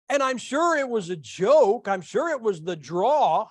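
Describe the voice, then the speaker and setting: A middle-aged male pastor preaching a sermon, telling folksy stories with lively asides to his congregation. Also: high voice, measured pace, hardly any pauses, no room sound, clean studio sound. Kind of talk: sermon with storytelling.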